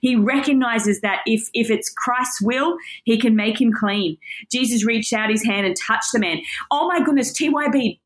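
An earnest woman teaches from scripture in a fairly high voice. She is emotional and close to tears, and her words carry deep feeling. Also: moderate pace. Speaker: Bible teacher. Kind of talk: teaching on a Bible passage.

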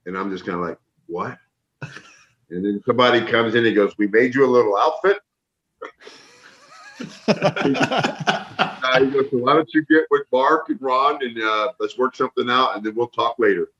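A middle-aged man from the northern United States telling animated stories as an interview guest, acting out what others said. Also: mid-range voice, normal speed, pauses often, roomy sound. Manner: animated storyteller, acts out quotes. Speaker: interview guest, former wrestler. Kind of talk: casual storytelling. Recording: dull lo-fi sound.

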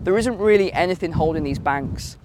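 Hoarse man urgently vlogging on a walk. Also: high voice, moderate pace, a little mellow, a little hiss or hum. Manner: emphatic, urgent, rambling asides. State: losing his voice. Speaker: finance YouTuber. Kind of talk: walk-and-talk vlog commentary. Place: outdoors, walking.

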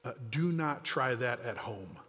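Male pastor, conversational sermon storytelling, mid-pitched voice, long reverb of a big church hall. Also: animated, measured pace, fairly bright tone. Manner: conversational storytelling, acts out quoted lines.

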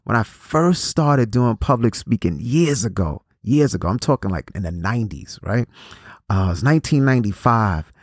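A man's voice: on the low side, animated, moderate pace, no room sound, studio quality. A man in his forties giving a motivational talk, preachy in tone, repeating phrases and restarting his sentences. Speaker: motivational speaker.

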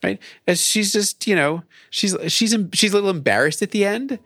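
Animated man thinking aloud, dry close mic. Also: sits high, a little fast, no echo. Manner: thinks aloud, acts out quoted lines in varied voices. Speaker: Bible professor. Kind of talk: conversational discussion.

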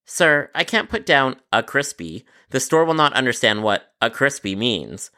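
A man narrating his call center stories in a sarcastic, exasperated tone, with deadpan asides. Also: mid-range voice, moderate pace. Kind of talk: scripted storytelling narration.

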